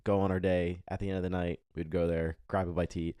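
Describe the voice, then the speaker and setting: A young man co-hosting a podcast, telling a travel story in casual chat and clearing his throat now and then. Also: low voice, little pitch movement, quick pace, dark tone, no echo. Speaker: podcast co-host.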